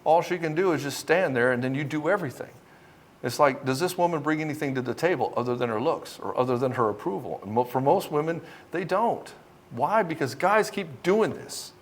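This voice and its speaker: Speaking a little fast in a slightly high voice with lively intonation, a man lectures other men about relationships straight to camera. He's confrontational and swears frequently, mocking his targets by impersonating them.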